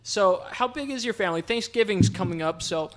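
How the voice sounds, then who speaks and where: A young man from the Southern United States co-hosts a casual podcast chat. His voice is high and bright, and he fires off quick, sarcastic quips between his co-host's longer thoughts. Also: lively intonation. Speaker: podcast co-host.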